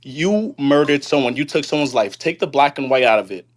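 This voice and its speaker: A man's voice: mid-range voice, animated, a little fast. A man calling in to a live stream, speaking earnestly with many restarts and retelling a story in quoted dialogue. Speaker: caller. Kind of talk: casual call-in chat.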